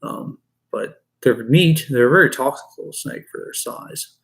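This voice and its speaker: A reptile-keeping man chats casually with his stream viewers while he works, talking to the animals too. His mid-pitched voice has a gravelly fry running through it. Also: animated, moderate pace. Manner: chatty, talks to the animals and chat. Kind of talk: casual live-stream chat.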